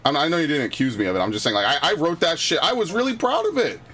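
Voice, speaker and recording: A gaming streamer chats casually over gameplay and rants heatedly, telling profane stories with lots of swearing and frequent restarts. His voice is a little high, sing-song, a bit bright and slightly rough, and he talks at a racing pace.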